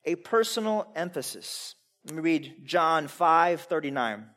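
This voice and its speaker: A man preaching a sermon in a casual, conversational way, putting rhetorical questions to the congregation and swinging between loud emphasis and quiet asides. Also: a little high, lively intonation, measured pace.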